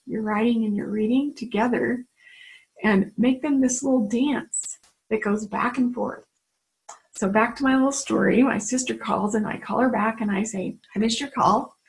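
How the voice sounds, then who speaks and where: A woman's voice: fairly high pitch, poor audio. A middle-aged woman giving an earnest personal devotional talk to women, telling stories and acting out the voices she quotes. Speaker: faith-based speaker addressing women.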